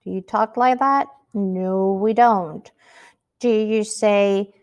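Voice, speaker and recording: A woman's voice: medium pitch, slow, a little mellow. A woman teaching a Spanish lesson, speaking patiently and asking the listener rhetorical questions. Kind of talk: recorded classroom lesson.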